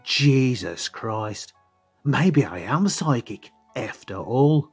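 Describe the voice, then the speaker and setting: Bewildered Cockney-Australian stage psychic, slow, mid-pitched man, as read by a male narrator. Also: expressive, darkish tone, slightly rough, soft background music, full character voice. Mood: baffled. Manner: bewildered, swearing in surprise.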